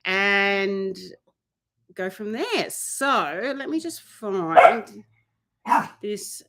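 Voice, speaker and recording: A chatty woman hosts a casual live Q&A for horse owners, her voice bright and forward. She talks loosely and warmly, in an easy, unhurried flow, with dogs barking now and then in the background. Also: medium pitch, animated. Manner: chatty, often breaking off to scold her dogs. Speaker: horse trainer hosting a weekly live Q&A. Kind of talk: casual live-stream chat. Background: dogs barking and playing nearby.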